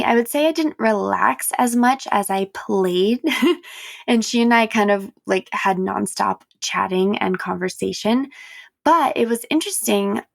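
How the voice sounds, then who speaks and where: A woman's voice: mid-range voice, vocal fry, no room sound, studio quality. A woman hosting her own podcast, chatting candidly and casually and laughing often. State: tired and yawning. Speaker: podcast host. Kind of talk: casual solo podcast chat.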